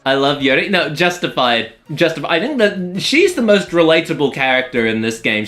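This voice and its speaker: A man's voice: medium pitch, lively intonation, normal speed, few pauses, fairly bright tone, faint music behind. A man streaming a game, giving casual commentary with self-deprecating, laughing asides.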